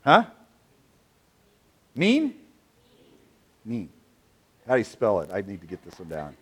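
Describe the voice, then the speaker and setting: A man preaching a sermon, playful and animated, drawing answers from his congregation. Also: fairly low pitch, slow pace, breathy edge. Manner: animated, playful, asks the audience questions. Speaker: pastor.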